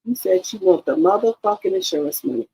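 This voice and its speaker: A woman in her sixties chats on a live stream. Her voice is husky and her pitch sits in the middle. She talks in an animated, profane way, repeating comments and calling viewers sweet names. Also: fairly quick, low-quality recording. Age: 60s. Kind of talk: casual live-stream chat.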